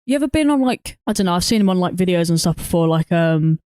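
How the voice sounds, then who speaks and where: Chatty voice, mid pitch. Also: lively intonation, fast talker, a little mellow, smooth, dry recording, studio quality. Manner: chatty, rambling, laughs often. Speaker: podcast co-host. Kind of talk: casual film review chat.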